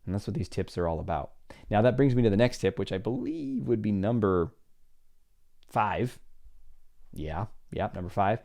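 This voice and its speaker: A man's voice: fairly low pitch, sing-song, normal speed, gravelly, pauses often, dark tone. A middle-aged man hosting a solo advice podcast as a psychologist, talking animatedly and acting out little dialogues in different voices.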